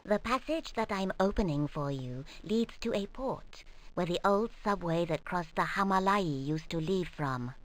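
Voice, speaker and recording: Measured female villager, low-pitched, plain delivery. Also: lively intonation, low-quality recording. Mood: calm. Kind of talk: 1990s video game voice acting.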